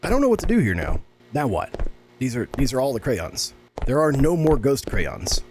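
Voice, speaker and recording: Excitable swearing man playing a horror game. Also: medium pitch, normal speed, background noise. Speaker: gaming YouTuber. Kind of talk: let's play commentary.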